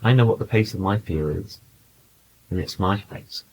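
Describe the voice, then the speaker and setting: A man in a channeling session, speaking in a calm, patient, coaching way and telling anecdotes to a small group. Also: low-pitched, normal speed, a little hiss or hum, low-quality recording. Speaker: channeler giving spiritual counsel. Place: small room with a group present.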